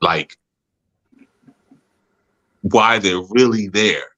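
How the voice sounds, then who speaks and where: A man's voice: on the low side, extremely slow, pushed and bright. A man hosting a spiritual podcast, telling stories in a loose, slangy way and laughing often. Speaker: podcast host and spiritual teacher. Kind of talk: casual storytelling chat.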